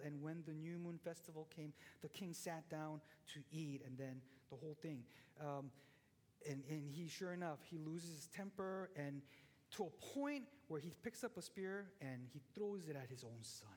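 A man in his forties delivers a relaxed sermon in a fairly high voice. He tells the story with animation, full of fillers and quick restarts. A long reverb hangs behind him. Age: 40s. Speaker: pastor. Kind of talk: conversational sermon.

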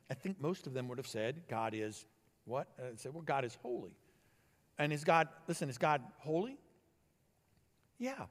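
A male pastor preaching a sermon in a conversational style, asking the congregation questions and swinging between quiet and emphatic delivery. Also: mid-range voice. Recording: long hall reverb.

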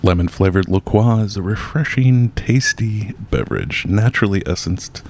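A man hosting a comedic podcast, talking with a deadpan delivery and reading mock ads. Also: lowish voice, moderate pace. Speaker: podcast host. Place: podcast studio.

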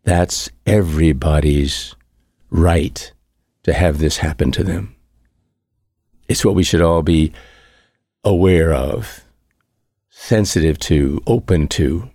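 A man with a very low, deep voice delivers a relaxed, conversational homily as a priest. He sounds reflective, circles back to repeat key phrases, and lets out an occasional soft chuckle. The sound is close and dry, with no room echo. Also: takes it slowly, long pauses.

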